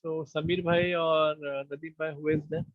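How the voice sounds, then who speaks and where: A man's voice: fairly high pitch, level tone, normal speed, dry recording. A man teaching a live online lecture, explaining patiently in a conversational way over a meeting call. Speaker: online course instructor. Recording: muffled online call audio.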